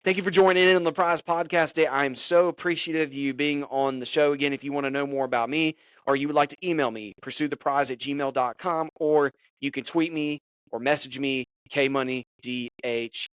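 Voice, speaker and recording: A man hosting a faith and sports podcast, speaking in a conversational, animated way as he acts out quoted dialogue. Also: medium pitch, a little fast, clean tone, no echo. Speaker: podcast host. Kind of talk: devotional podcast monologue.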